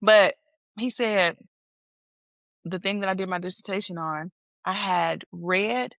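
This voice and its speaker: A young woman co-hosting a podcast in casual chat, animated and laughing often, imitating voices as she talks. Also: mid-range voice, unhurried, creaky, no echo. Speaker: podcast co-host.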